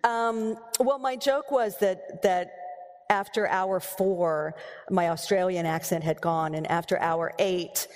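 A woman's voice: on the low side, fairly even intonation, slow. An American woman novelist answering audience questions on stage, chatty and laughing, rambling with restarts. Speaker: novelist giving a keynote Q&A. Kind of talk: live audience Q&A. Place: large hall with audience. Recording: long hall reverb.

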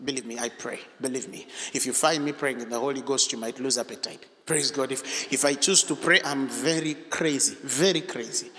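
A man preaching a charismatic sermon, emphatic and animated, breaking into shouts and asking the congregation questions. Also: medium pitch, fairly quick, few pauses. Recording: echoey hall.

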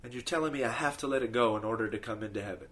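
A man's voice: mid-range voice, rapid-fire, fairly bright tone, lightly acted. A man doing a stubborn, heartfelt dead man. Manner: insistent, heartfelt. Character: stubborn man clinging to his homeland dirt.

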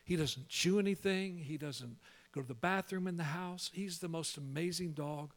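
A male pastor telling a humorous story in a sermon, animated and full of quick restarts. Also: fairly high pitch.

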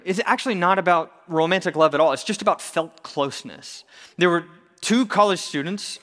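A man preaching a sermon in a conversational, animated way with touches of humor. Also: on the high side, big-room sound. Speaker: pastor.

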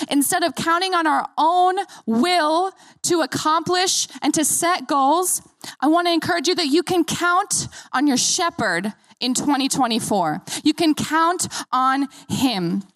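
A woman pastor in her thirties preaches with a bright, high voice. She speaks earnestly and encouragingly to her congregation. The sound is close and dry, with almost no room echo. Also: unhurried. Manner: earnest, encouraging, leads the congregation in repeating lines. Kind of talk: sermon.

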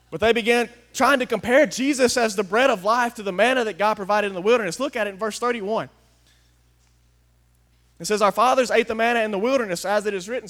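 A man delivers a sermon in a notably high voice. He talks folksy and plain, dropping to quiet confiding asides and then rising to loud, emphatic declarations. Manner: folksy, swings from hushed to shouting. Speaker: pastor.

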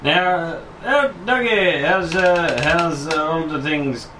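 A man voicing a male Texan adventurer, hesitant and full of pauses. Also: mid-range voice, roomy sound, recorded from a distance, background noise, natural voice. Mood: awkward.

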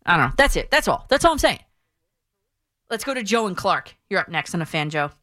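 A woman's voice: lowish voice, very animated, brisk, a bit bright, dry recording, studio quality. A woman hosting sports talk radio, opinionated and chatty, often restarting her sentences. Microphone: studio mic.

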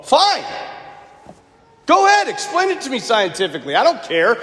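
Animated man preaching in an echoey church. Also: very high voice, normal speed, long pauses. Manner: animated, joking storyteller; clears throat often. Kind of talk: homily. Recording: echoey hall with long reverb.

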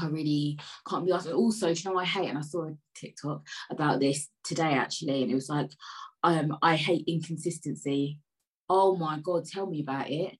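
A woman vlogger sips tea while talking casually to camera, rambling from one thought to the next. Her voice sits on the low side and swings between loud, excited outbursts and quiet, muttered asides, on a low-quality recording.

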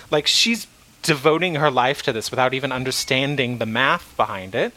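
A man hosting a casual book discussion, retelling the plot in an animated way with frequent laughs and some swearing. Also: mid-range voice, normal speed, rough recording. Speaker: podcast host.

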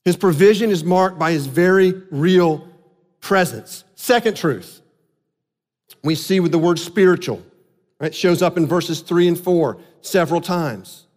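A pastor with a high voice delivers an animated sermon, often breaking into the voices of the people he quotes. His words ring out with a long tail of reverb, as in a big sanctuary. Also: a little slow.

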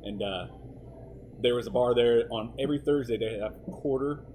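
A man hosting a casual chat, relaxed, reacting with short comments and laughs and sharing his own bar memories. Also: mid-range voice, normal speed, slight background noise.

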